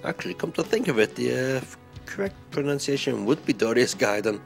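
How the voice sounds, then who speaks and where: Gravelly man narrating gameplay. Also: mid-range voice, fairly quick. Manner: relaxed, rambling, frequent uh fillers. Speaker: retro game reviewer. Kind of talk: casual gameplay commentary voice-over. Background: game music.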